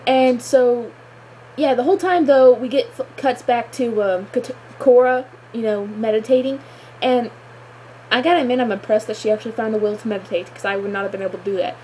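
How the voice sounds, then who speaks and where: A woman's voice: on the high side, fairly quick, mellow, a little hiss or hum, poor audio. A woman reviewing a show episode in a gushing, exclamatory chat full of filler words. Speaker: fan reviewer.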